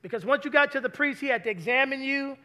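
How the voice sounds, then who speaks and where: A male pastor with a strikingly high voice gives a sermon in a church. His tone is bright and forceful. He keeps calling out questions to the congregation as he preaches. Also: fast talker.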